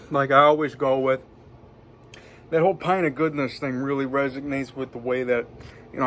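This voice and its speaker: A man's voice: on the high side, dull audio. A man giving an upbeat, rambling motivational vlog talk full of catchphrases. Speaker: vlogger and self-styled spiritual guide.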